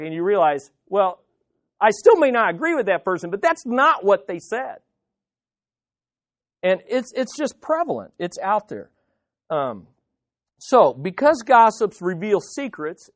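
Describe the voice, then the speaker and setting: Earnest pastor preaching. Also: male voice, high-pitched, dry recording. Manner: earnest, conversational, repeats words. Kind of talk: sermon.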